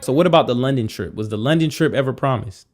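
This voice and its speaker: A man's voice: mid-range voice, quick pace, a little mellow, faint music behind. A man interviewing, direct and probing in his questions.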